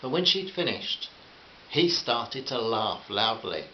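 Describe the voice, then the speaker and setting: A man reading a short story aloud in a gentle, friendly way, addressing listeners as friends. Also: medium pitch, big pitch swings, slow. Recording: muffled roomy recording with faint hiss.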